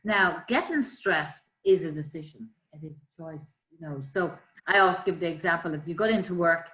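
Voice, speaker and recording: A woman, a life coach, calmly explaining ways to manage stress with everyday examples. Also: fairly low pitch, moderate pace. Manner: calm, explanatory, gives examples. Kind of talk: conversational coaching talk. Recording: roomy echo.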